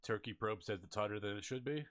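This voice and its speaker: Man, low voice, dry, laid-back, teasing co-host. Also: fast, fairly bright tone. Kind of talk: casual stream chat.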